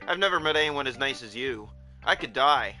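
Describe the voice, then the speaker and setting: A man reading aloud the lines of a shy, obsessive young woman from a visual novel, halting and clingy. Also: mid-range voice, lively intonation, pushed and bright, faint music behind.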